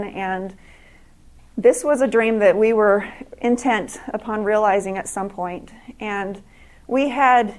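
A middle-aged woman with a mid-range, darkish voice earnestly shares stories in a speech to an audience at an evening event, often starting over and repeating words.

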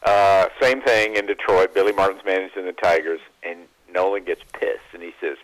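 A man guest on a sports radio talk show, telling animated baseball anecdotes and mimicking the people in them. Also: low voice, moderate pace. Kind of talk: phone-in radio interview, storytelling. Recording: phone line.

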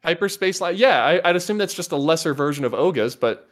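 Quick-talking young male host. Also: on the high side, animated, a bit bright. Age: 20s. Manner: prompting questions, quick reactions. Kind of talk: casual chat.

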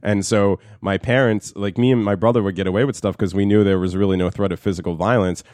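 Fast-talking New Jersey man, low voice. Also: steady tone, darkish tone, dry recording. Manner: fast-talking, swearing, storytelling with impressions. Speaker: podcast co-host. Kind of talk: casual chat.

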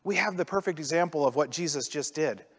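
A man preaching a sermon in a casual, conversational way, often dropping into little acted-out voices. His voice sits high for a man. Long reverb trails after each phrase, as in a hall. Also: brisk, husky. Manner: conversational, animated, acts out quoted voices. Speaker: pastor.

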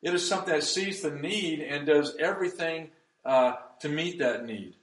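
A pastor preaching a sermon, swinging between loud emphasis and hushed, soft passages. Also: male voice, a little high, normal speed, echoey room, rough recording.

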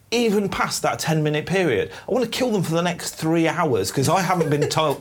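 A man's voice: fairly high pitch, a little hiss or hum. A man co-hosting a crude comedy podcast, talking bluntly and laughing through over-the-top complaints. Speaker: podcast co-host.

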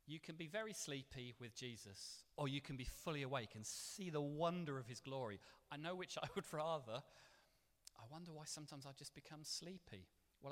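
Guy preaching in church, chatty and playful, voice jumps all over, big echoey hall. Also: fairly high pitch. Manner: conversational and animated, with playful asides. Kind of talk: sermon. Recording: long reverb of a church hall.

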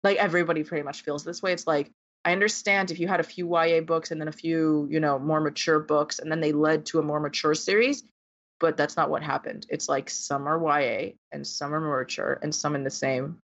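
Woman, low voice, casual ranting, lots of "like", dull lo-fi recording. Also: steady tone, a little fast. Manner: ranting, exasperated, many fillers. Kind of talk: casual book discussion. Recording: dull lo-fi sound.

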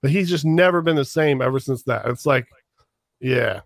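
A man on a podcast telling a story in a halting way, searching for words. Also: medium pitch, gravelly, no echo, studio quality. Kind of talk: casual podcast chat.

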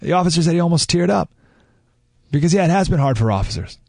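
A man's voice: on the high side, animated, fast, creaky, a little mellow, no echo. A man hosting a radio talk show, delivering an opinionated monologue with emphatic restarts and asides, recorded on a studio microphone.

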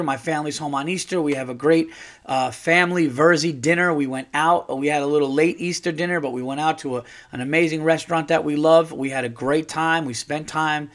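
A man hosting a podcast who tells a story in a casual monologue, ranting and swearing as he gets fired up. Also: fairly high pitch. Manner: profane, animated ranting. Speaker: podcast host.

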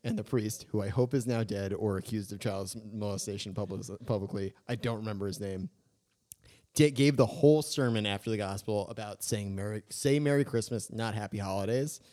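A man co-hosting a casual comedic podcast, talking in an animated, jokey way and slipping into mocking voices. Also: on the low side, a little fast. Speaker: podcast co-host.

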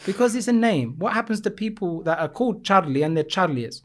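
A man's voice: sits high, animated, quick pace. A man chatting casually, rambling and interrupting himself, switching between English and Greek. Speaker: video maker. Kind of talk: casual chat.

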